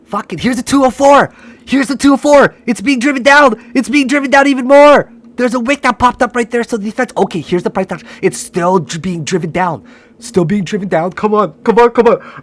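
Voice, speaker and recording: A man with a high voice narrates his trades live in a dry, close-sounding recording. He swings from cocky jokes to shouting and pleading at the chart. He swears constantly as he talks to his viewers. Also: moderate pace, no echo. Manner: excitable, profane, shouts and pleads at the price chart; cocky, joking.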